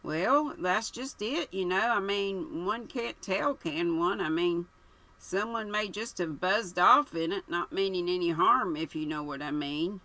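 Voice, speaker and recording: A woman voicing a dithering, foppish young English gentleman who stammers and rambles in an audiobook reading. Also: on the low side, measured pace, low-quality recording. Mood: flustered. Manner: stammering, rambling filler phrases.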